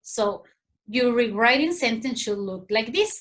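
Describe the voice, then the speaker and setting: A woman with a Mexican Spanish accent teaching young children English punctuation, patiently reading example sentences aloud with expressive tone. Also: a little high, measured pace, low-quality recording. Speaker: primary school English teacher. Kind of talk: recorded online lesson for young children.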